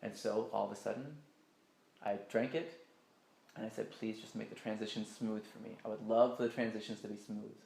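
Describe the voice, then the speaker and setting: A man's voice: lowish voice, steady tone, brisk, vocal fry, darkish tone, echoey room. A man telling a personal story in a casual, rambling and emphatic way, swearing often.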